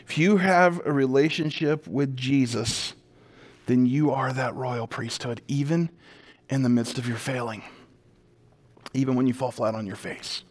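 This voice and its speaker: A man preaching a sermon as a pastor, animated and emphatic, moving between loud declarations, quiet intensity and humorous storytelling. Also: mid-range voice, a little slow. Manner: conversational storytelling with self-deprecating humor.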